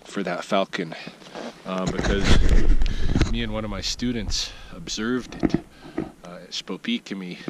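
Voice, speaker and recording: A man's low-sitting voice moves a little slowly as he records his casual weekly vlog update outdoors in the backyard. He thinks aloud, full of fillers and restarts, while outdoor ambient noise sounds in the background.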